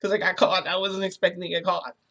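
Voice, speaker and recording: Bright-voiced young woman rambling casually. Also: lowish voice, flat delivery, quick pace. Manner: rambling, filler-heavy. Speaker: vlogger. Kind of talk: casual storytelling.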